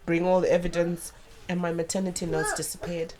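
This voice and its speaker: A woman's voice: lowish voice, flat delivery, fairly quick, a little mellow, slight background noise. A middle-aged woman, a guest, earnestly telling a painful personal story and acting out the voices of others. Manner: earnest, acts out quoted voices.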